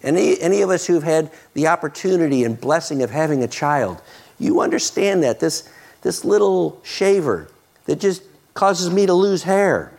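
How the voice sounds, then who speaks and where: A middle-aged man preaching a sermon, earnest, restarting words often and rising to loud, excited peaks. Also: fairly high pitch, normal speed, creaky. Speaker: pastor.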